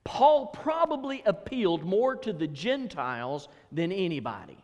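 Lively, high-voiced male preacher. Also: measured pace, in a large hall. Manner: emphatic, repeats key phrases. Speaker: pastor. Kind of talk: sermon.

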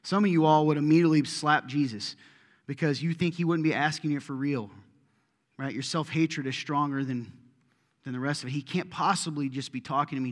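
A middle-aged man preaching a sermon to his congregation, swinging between loud bursts and hushed asides. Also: fairly high pitch, fairly even intonation, brisk. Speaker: pastor. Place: church auditorium. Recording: reverberant hall.

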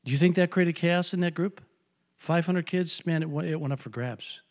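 An older man preaching a sermon as pastor, an animated storyteller who jokes and hammers points home with repetition. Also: fairly high pitch, moderate pace. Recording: long hall reverb.

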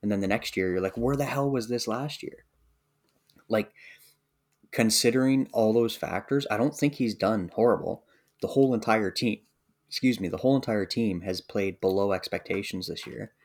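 A man co-hosting a podcast talks in a fairly low voice and argues his point earnestly. He often restarts his sentences as he goes. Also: normal speed. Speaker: podcast co-host. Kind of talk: casual hockey podcast chat.

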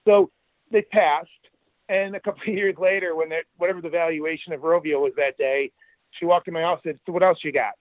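On a relaxed podcast, a guest who works as an entertainment executive recounts industry anecdotes with animation, performing the quoted lines himself. He talks briskly in a fairly high voice, and the audio is narrow and tinny with no echo.

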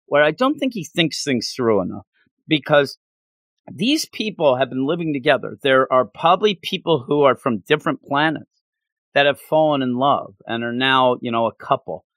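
A man's voice: mid-range voice, expressive, normal speed, a bit bright, no room sound, studio quality. A man hosting a comics podcast, reviewing issues in a loose, jokey, late-night goofy way.

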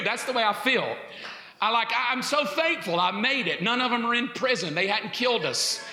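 A middle-aged man preaching a sermon, telling comic stories in an animated way and bursting into shouts. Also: high-pitched, moderate pace. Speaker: pastor. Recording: echoey hall.

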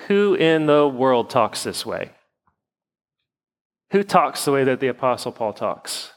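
A man's voice: a little high, fairly bright tone, in a large hall, poor audio. A man, a pastor leading prayer and then preaching in a conversational way full of rhetorical questions. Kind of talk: prayer and sermon. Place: church sanctuary.

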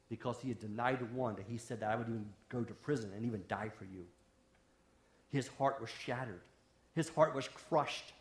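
A man preaching a sermon as a pastor, impassioned, swinging from raised intensity down to a near hush. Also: medium pitch. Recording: roomy echo.

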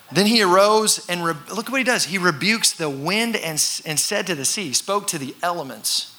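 A man preaching a sermon to a congregation, talking conversationally, acting out voices and sometimes shouting for effect. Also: high-pitched, animated, normal speed, few pauses, a little hiss or hum. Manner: conversational with congregation call-and-response. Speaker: pastor.

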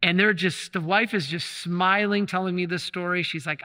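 A man's voice: sits high, fairly even intonation, moderate pace, bright, forceful tone. A man preaching as a Catholic priest, telling a story in a conversational way with restarts and repeated phrases, recorded in a church. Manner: conversational, retells stories with restarts and repetition. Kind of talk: sermon with storytelling. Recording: long reverb of a large hall.

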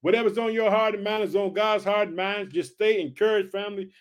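An excitable male preacher with a high-pitched voice, surging with energy as he reads scripture. He stumbles over repeated words and keeps calling his listeners family. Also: brisk, clean tone. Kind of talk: energetic sermon.

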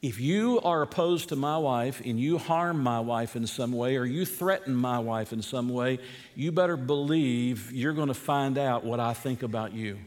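A man's voice: mid-range voice, moderate pace. Preaching man in a reverberant hall. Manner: preaching with rising emphasis, rhetorical questions to the congregation. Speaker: pastor. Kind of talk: sermon.

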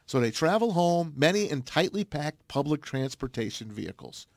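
A man co-hosting a casual sports talk show, relaying a news story in an animated way. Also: fairly high pitch, normal speed, dry recording. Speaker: co-host. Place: Detroit.

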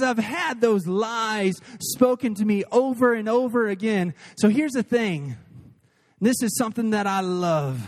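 A man in his thirties preaches to his congregation with a notably high voice. He talks with earnest energy, rushing through asides and then slowing right down to hammer home key lines. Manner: earnest and animated, shifting between quick asides and slow emphatic lines. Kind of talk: sermon. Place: church service before a crowd.

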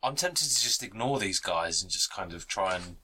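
A man playing a tabletop game, asking wry, low-key questions. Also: expressive, normal speed, sharp tone, slight background noise. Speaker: player. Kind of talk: casual tabletop game chat.

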